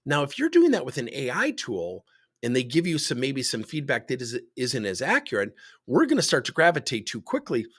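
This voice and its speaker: Speaking to camera, a leadership coach with a mid-range, slightly rough voice talks a little fast. He discusses coaching and tells workplace stories, animatedly acting out the dialogue.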